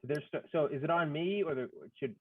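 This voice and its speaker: A man's voice: a little high, brisk, no room sound. A man playing in a tabletop game, talking casually and checking details. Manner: unsure, checking questions. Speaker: player. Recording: tinny phone-like line.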